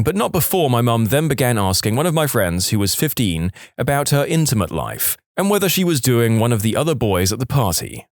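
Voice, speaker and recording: A man reads online stories aloud with a playful, animated delivery. His pitch swings widely through each sentence, and the recording is close and dry with no room sound. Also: no echo. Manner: lively, playful storytelling with voiced quotes. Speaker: narrator.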